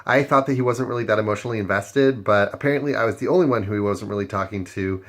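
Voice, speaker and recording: A man's voice: fairly low pitch, fast, fairly bright tone. A man talking casually in a confessional about his moves in a game, with frequent fillers. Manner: casual, filler-heavy talk. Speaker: game player.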